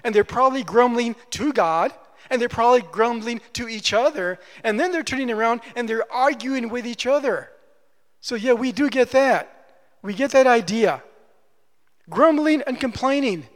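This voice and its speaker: A man's voice: very high-pitched, a bit bright. A man preaching a conversational sermon as pastor, emphatic and repeating phrases for stress. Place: church. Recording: long church-hall reverb.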